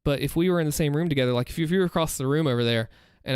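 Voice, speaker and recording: A man's voice: a little high, rapid-fire, clear, resonant tone, dry recording, studio quality. A man casually chatting on a live stream, answering viewer questions with earnest, rambling advice and frequent restarts, speaking into a desk microphone at home. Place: home room, seated in a chair.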